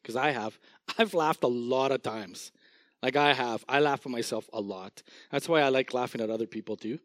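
A male pastor preaching a sermon in an animated, storytelling way, often chuckling as he paints vivid word pictures. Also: medium pitch, moderate pace, no echo, clean studio sound.

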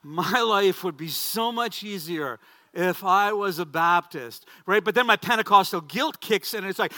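A middle-aged man preaching a sermon, telling stories in an animated, self-deprecating way with frequent restarts. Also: sits high, moderate pace, no echo. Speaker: pastor.

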